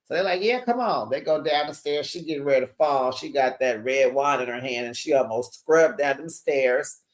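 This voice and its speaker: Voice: medium pitch, fairly even intonation, moderate pace. A reality TV recap host giving a gossipy monologue, sassy and dramatic, acting out quotes and calling viewers besties.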